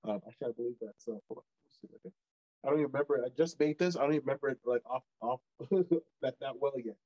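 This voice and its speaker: A man's voice: mid-range voice, very fast, warm tone, dry recording, highs cut off. A male wrestler as interview guest, talking casually, hesitant and full of fillers. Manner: hesitant, filler-heavy, laid-back.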